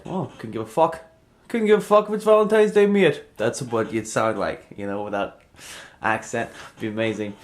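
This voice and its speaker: A man rambling through a sarcastic, deadpan comedy monologue, trailing off and mumbling between bursts. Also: on the low side. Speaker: comedy vlogger.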